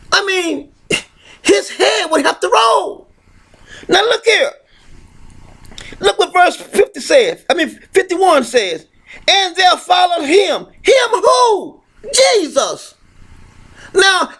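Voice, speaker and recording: A man preaching a fiery sermon, reading scripture aloud and shouting emphatic points, often restarting his phrases. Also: very high-pitched.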